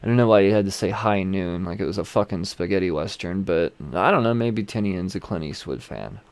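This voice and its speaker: A man's voice: deep voice, a little fast, clean tone, no room sound. A man casually recapping a comic issue, rambling, swearing freely and chuckling as he goes. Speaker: comic book reviewer.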